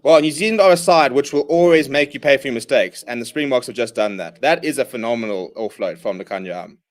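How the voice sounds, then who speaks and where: A young man hosting a live watchalong, calling the play and reading out viewer comments, and he bursts out loud at big moments. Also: medium pitch, fast talker. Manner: excitable, shouts at big plays, reads viewer comments. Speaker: host.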